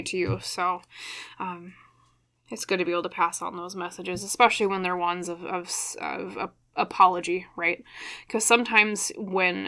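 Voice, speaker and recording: A woman's voice: on the low side, bright, forceful tone. A young woman giving a tarot reading to camera, choked up and hesitant, with many fillers and restarts. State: choked up, emotional. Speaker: tarot reader.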